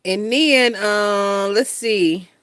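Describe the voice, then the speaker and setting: A woman's voice: mid-range voice, drawn-out words, fairly bright tone, smooth, no room sound, clean studio sound. A woman in her twenties hosting a casual gossip livestream, brash and profane, reading out viewer comments and laughing often. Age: 20s. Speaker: gossip channel host.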